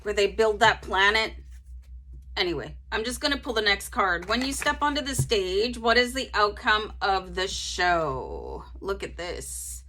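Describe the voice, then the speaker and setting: A woman's voice: mid-range voice, very animated, unhurried, sharp tone, a little hiss or hum. A woman giving a casual tarot reading to her viewers, chatty and rambling, breaking into laughter often. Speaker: tarot reader.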